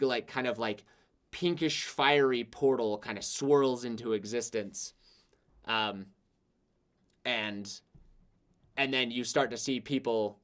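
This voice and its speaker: A man's voice: medium pitch, a bit bright. Rambling male game master. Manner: rambling, full of filler words. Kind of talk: narrating a tabletop game.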